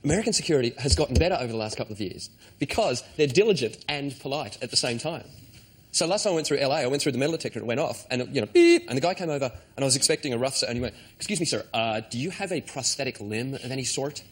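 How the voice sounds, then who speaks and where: A man on a comedy panel show telling animated comic stories and acting out the voices of the people in them. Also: medium pitch, very fast, slightly rough. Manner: animated, acts out quoted voices. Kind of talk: comic storytelling.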